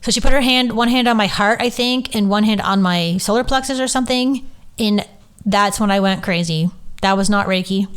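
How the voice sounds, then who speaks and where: Smooth-voiced woman telling a raw story. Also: medium pitch. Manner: candid and emotional, swears freely. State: holding back tears. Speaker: podcast host and Reiki teacher. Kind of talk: personal storytelling monologue.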